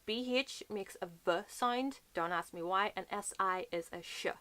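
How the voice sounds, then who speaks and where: Bright chatty Northern Irish woman. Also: medium pitch, no echo. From Northern Ireland. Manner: chatty, explaining slowly and repeating words. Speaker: book vlogger. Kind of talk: casual explanatory vlog.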